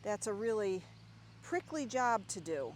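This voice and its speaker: A woman with a mid-range voice strolls through her home garden outdoors, chatting casually about what's blooming and getting openly excited over her plants. A faint hum of outdoor noise sits behind her. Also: mid-range voice, a little slow. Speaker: gardening vlogger. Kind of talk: casual garden tour narration.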